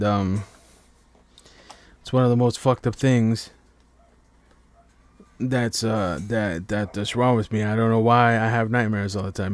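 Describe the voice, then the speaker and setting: A man's voice: medium pitch, clean tone. Rambling, stammering man on a late-night stream. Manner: rambling, stammering restarts, heavy swearing. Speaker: live stream podcast host. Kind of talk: casual late-night monologue. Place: at home while others sleep.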